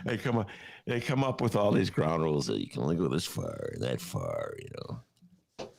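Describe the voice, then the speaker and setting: Animated gravelly man chatting casually. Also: extremely low pitch, normal speed, noisy background. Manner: animated, rambling, laughs often. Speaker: podcast co-host. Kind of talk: casual chat.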